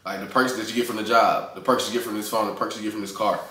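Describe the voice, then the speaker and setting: A man hosting a music reaction video, chatting in a hyped, excited way and talking over the track. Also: lowish voice, rapid-fire, recorded from a distance. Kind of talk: casual music reaction commentary. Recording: echoey room with music playing.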